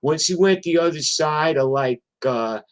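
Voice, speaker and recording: Profane rambling musician telling stories. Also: male voice, a little high, lively intonation, measured pace, low-quality recording. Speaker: touring musician. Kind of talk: casual storytelling on a livestream.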